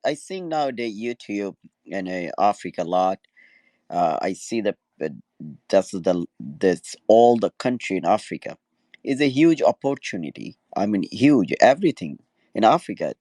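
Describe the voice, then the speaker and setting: Male radio caller, hesitant, low voice, dry sound. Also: sing-song, a little mellow, no room sound. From Asia. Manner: hesitant, halting, many restarts. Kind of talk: phone-in caller.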